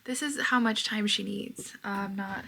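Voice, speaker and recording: A woman talks through a casual book review with blunt sarcasm and plenty of swearing. Her bright voice carries a steady vocal fry, and she often drops into whispered asides. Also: medium pitch, a little slow, slight background noise.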